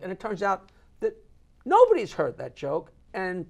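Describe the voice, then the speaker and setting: An older man, a comedian, telling stories and jokes as a talk show guest in an animated way. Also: high-pitched, a little slow, vocal fry. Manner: animated joke teller with big swings. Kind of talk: storytelling in a live talk show.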